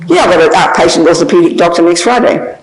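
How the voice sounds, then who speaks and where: An older woman, a Buddhist nun, giving an informal teaching with frank, animated, self-mocking talk and frequent laughter. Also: lowish voice, quick pace, a crowd in the background, low-quality recording. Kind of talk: informal dharma talk with questions. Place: teaching hall of a meditation centre.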